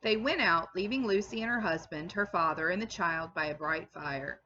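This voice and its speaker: A woman's voice: fairly low pitch, normal speed, pushed and bright, muffled recording, slight background noise. A woman English teacher reading a classic novel aloud and stopping to explain it to her students in plain terms, with a few ums.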